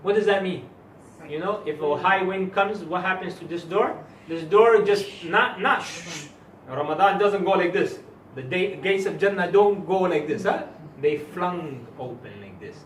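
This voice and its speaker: A man's voice: sits high, expressive, moderate pace, distant mic, a little hiss or hum. Emphatic man teaching in an echoey room. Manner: emphatic, quizzes students with rhetorical questions. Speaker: Islamic teacher. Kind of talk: classroom religious lesson. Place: classroom or hall with students. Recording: echoey room recorded from afar.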